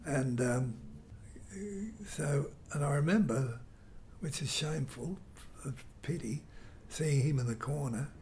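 An older man telling a rambling, animated story in an interview. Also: mid-range voice, slow pace, slight background noise. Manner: rambling, animated storyteller who mimics guitar sounds. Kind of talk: reminiscing anecdote.

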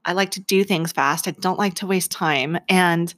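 A woman's voice: lowish voice, normal speed, a bit bright. Laughing, chatty woman storyteller. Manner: chatty, laughs often, acts out voices in her stories. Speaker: vlogger. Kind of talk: casual storytelling to camera.

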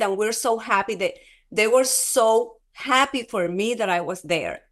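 Woman guest, halting testimony full of fillers and restarts, mid-pitched. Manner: earnest, often breaks into laughter. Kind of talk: personal testimony in a casual interview.

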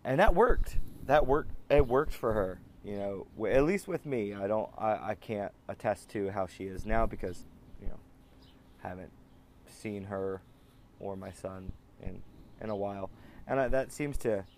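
A man in his thirties hosting a podcast, talking in a rambling, halting way with many restarts and fillers. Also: on the low side, a little mellow, a little hiss or hum. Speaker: podcast host. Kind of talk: casual personal monologue.

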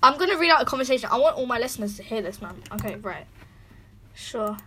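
A woman's voice: on the high side, breathy edge. A teenage girl, hosting a casual chat and animatedly retelling a text conversation. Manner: fast, animated storytelling. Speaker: podcast host. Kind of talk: casual chat, reading out texts.

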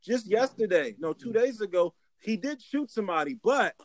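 A man's voice: sits high, animated, moderate pace, a crowd in the background, low-quality recording. A man co-hosting a podcast in casual banter, rambling through his argument with slang and restarts. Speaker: podcast co-host.

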